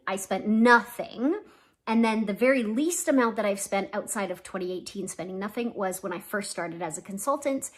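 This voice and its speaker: A woman who sells for a direct-sales company, from Canada, going over her spending figures year by year in a personal vlog. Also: mid-range voice. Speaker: MLM consultant.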